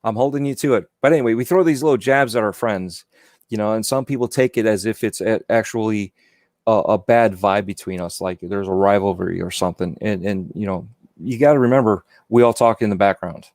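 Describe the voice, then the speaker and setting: A man's voice: on the low side, brisk, darkish tone, dry recording, studio quality. A man talking as a guest on a casual podcast, rambling and repeating himself with many "you know"s. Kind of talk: casual chat.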